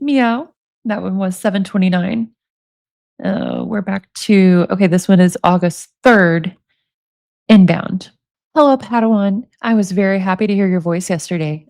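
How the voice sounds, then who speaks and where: A woman in her forties reads emails aloud in a casual commentary, breaking off to make sarcastic, amused remarks. Her pitch sits in the middle, and the recording is close and dry with no room sound. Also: darkish tone, no room sound. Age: 40s. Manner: amused, sarcastic, laughs often. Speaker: commentary host reading prison emails.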